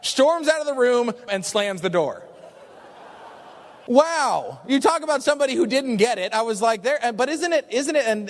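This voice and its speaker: A man with a high-pitched voice tells a story to a crowd in an animated, chatty way, often checking in with "right?". His voice rings with the long reverb of a large hall. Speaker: business opportunity speaker. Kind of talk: storytelling talk to an audience.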